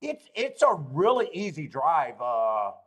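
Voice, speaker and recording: Casual male stream host, 30s, fairly high, lively pitch, profane and rambling. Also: slow. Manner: swears freely, rambling, laughs often. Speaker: host of a live streaming show. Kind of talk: casual chat reading live chat.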